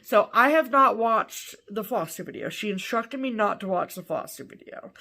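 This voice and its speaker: A woman co-hosting a cross-stitch show, chatting casually and gushing with excitement over what she shows. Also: mid-range voice, moderate pace, vocal fry. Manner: gushing, enthusiastic. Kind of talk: casual show-and-tell chat.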